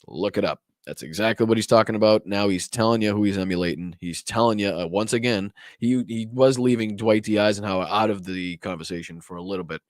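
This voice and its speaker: A man's voice: on the low side, fast talker, few pauses, no room sound, studio quality. Profane, sarcastic Boston man hosting. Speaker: political commentary host. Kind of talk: live-stream political commentary.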